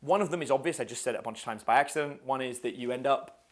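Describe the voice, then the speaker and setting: A man's voice: medium pitch, racing. A man teaching a live dating seminar in a casual, swearing style, quizzing his audience. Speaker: dating coach.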